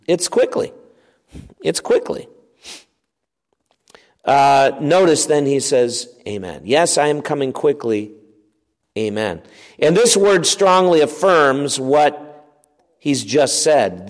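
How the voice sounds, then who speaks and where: A man delivers a sermon slowly and deliberately, leaning on each phrase and repeating key words for emphasis. His voice sits somewhat high for a man. The sound carries the long reverb of a large hall. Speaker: preacher. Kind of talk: expository sermon.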